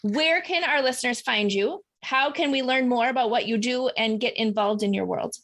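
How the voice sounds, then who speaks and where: A woman's voice: fairly high pitch, normal speed, fairly bright tone. A woman hosting a podcast, chatting casually over a remote call with many fillers and easy laughter. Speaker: podcast host. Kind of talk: casual interview chat and show outro.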